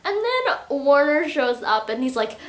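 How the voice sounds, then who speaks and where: A young book vlogger with a high, very animated voice takes her time chatting about a book she adores. She giggles, gushes and acts out quotes in little voices, and the recording sounds roomy with a little hiss or hum.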